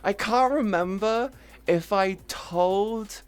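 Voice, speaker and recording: A woman's voice: mid-range voice, slow pace, smooth, soft background music. A woman streamer in casual livestream chat who laughs often and swears freely as she teases her friends.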